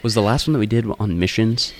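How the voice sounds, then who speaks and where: A man co-hosting a casual theology podcast, talking in a relaxed, rambling way over a phone line. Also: fairly low pitch, fast talker. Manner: relaxed, rambling, self-correcting. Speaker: podcast co-host. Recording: dry phone-line recording.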